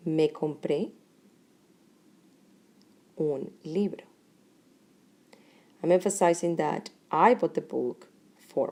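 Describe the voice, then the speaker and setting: A middle-aged woman teaches a Spanish grammar lesson in English, speaking deliberately in short phrases separated by pauses. Her voice sits low, with vocal fry and a dark tone.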